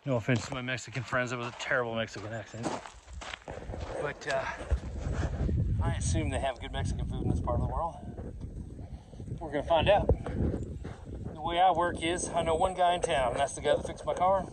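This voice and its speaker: A man's voice: mid-range voice, a little fast, pauses often, noisy background. A man narrating a casual hiking vlog outdoors on a mountain trail, rambling and chatty, talking into a handheld camera. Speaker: hiking vlogger.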